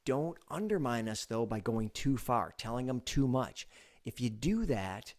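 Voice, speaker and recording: A man hosting a sales advice show, talking straight to the viewer in a conversational coaching way, acting out meeting lines with sudden loud bursts. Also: medium pitch, animated, measured pace. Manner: conversational, coaching in second person. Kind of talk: direct-to-camera advice talk.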